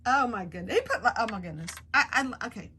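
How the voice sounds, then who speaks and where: A middle-aged woman talks in a casual home vlog, her voice bright and sharp and swinging widely up and down. She gushes in excited bursts and gets emotional, filming on a handheld phone indoors with a faint hiss behind her. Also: a little high, quick pace. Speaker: craft vlogger. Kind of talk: casual chat.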